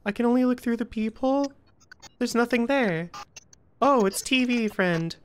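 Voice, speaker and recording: A woman's voice: on the high side, lively intonation, normal speed, slight background noise. Jittery woman playing a horror game. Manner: jittery, nervous joking, repeats phrases. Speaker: gaming video creator. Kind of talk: horror game let's play commentary.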